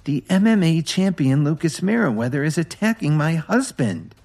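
A woman's voice: low voice, animated, moderate pace, darkish tone, slightly rough, pitched above the performer's own voice. A man voicing a frightened young wife who urgently calls the police for help. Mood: urgent panic. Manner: urgent, pleading.

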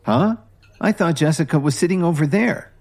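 A man's voice: a little high, moderate pace, a little mellow, pitched above the performer's own voice. A man voicing a confused young man who speaks in a puzzled, questioning way.

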